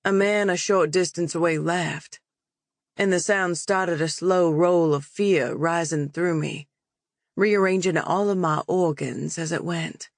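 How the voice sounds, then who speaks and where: A female audiobook narrator reading in the first person at a slow, unhurried pace. Her delivery is calm and even, and the dry, close sound has no room echo. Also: on the low side.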